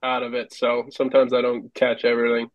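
A man's voice: mid-range voice, completely flat delivery, brisk, no room sound, lo-fi sound. A man, a former hockey goalie, telling rambling stories as a podcast guest and laughing often. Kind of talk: casual storytelling.

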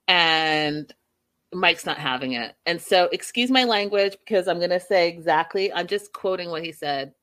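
Woman, gossipy recap vlogger, lowish voice, bright and forceful, animated storytelling. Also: moderate pace.

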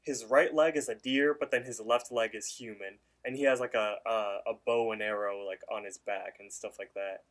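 A man's voice: on the low side, fairly even intonation, moderate pace, hardly any pauses, a bit bright. A man co-hosting a podcast, loosely retelling a cartoon episode with lots of fillers. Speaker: podcast co-host. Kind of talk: casual episode recap.

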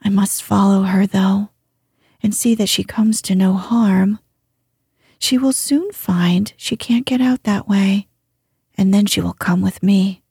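A woman voicing a practical, protective miner boy in a breathy whisper, as whispered role-play in a storybook reading. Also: mid-range voice, slow pace, mellow, no echo, studio quality, exaggerated voice. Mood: hushed, practical.

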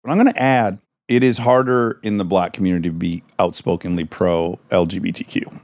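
A man with a low, gravelly voice hosts a podcast, frank and self-mocking, dropping swear words casually. The recording is dry and close. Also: steady tone, fairly quick, darkish tone, no room sound. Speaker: podcast host. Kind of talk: casual interview chat.

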